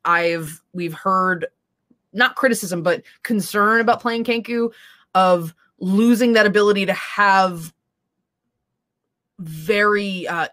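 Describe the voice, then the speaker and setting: A woman's voice: fairly low pitch, fairly bright tone. A woman co-hosting a casual tabletop gaming stream, talking reflectively with lots of fillers. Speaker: co-host, dungeon master. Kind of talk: casual chat.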